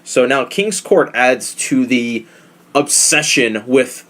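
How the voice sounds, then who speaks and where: A man hosting a casual podcast, talking in a profane, animated, opinionated way. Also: medium pitch, slow. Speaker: podcast host. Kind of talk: casual wrestling podcast chat.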